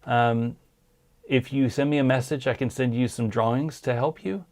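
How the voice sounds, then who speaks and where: A man hosting a casual livestream answers viewers' questions in an easygoing way, hesitating with many ums, tired and losing his voice. He speaks in a medium pitch at a moderate pace, with fairly even intonation and a slightly mellow quality.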